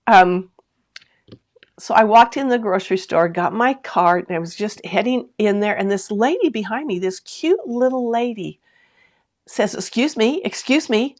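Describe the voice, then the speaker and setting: Her voice is mid-range, expressive, and a little slow: a woman running a sewing live stream at home. She reads viewers' comments out loud and laughs often as she tells a story, addressing the audience directly with lots of questions and asides.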